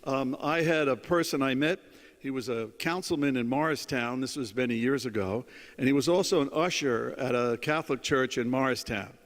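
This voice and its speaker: A man's voice: mid-range voice, normal speed, long reverb tail. A middle-aged man giving a keynote, telling anecdotes with many ums and uhs. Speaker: keynote speaker. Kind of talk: after-dinner keynote with anecdotes. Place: conference hall.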